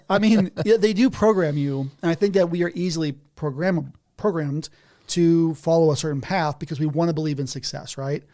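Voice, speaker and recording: A podcast guest in a house speaks in a slightly high, slightly fast voice. His casual conversation is full of animated storytelling, with laughs slipping in between sentences.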